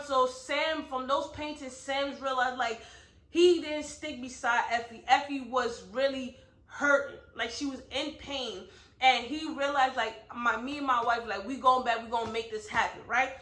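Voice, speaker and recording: A woman's voice: high-pitched, fairly even intonation, moderate pace, fairly bright tone. A woman giving a casual book review on her vlog, talking emphatically and peppering her speech with "like" and "right?". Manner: emphatic, heavy use of "like" and "right?". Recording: echoey room.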